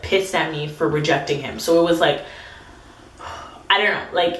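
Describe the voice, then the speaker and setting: A young woman in her twenties tells a story to her camera, chatty and rambling, leaning on "like" and speeding up to read texts aloud. Her voice sits a little low for a woman. The room around her rings with echo. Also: fairly bright tone. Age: 20s. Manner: chatty, says "like" a lot, reads texts aloud in quick bursts. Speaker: vlogger. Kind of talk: storytime vlog.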